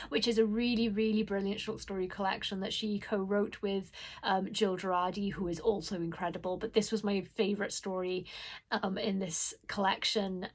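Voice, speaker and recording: A woman casually recommending horror stories in a chatty, gushing vlog, with lots of fillers and restarts. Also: mid-range voice. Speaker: horror book reviewer.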